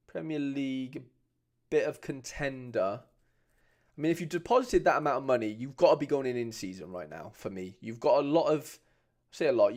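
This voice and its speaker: A man's voice: medium pitch, darkish tone. A man chatting informally on a live stream, answering viewers with frequent restarts and slang. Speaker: streamer reviewing fan card collections. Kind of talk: casual live stream chat.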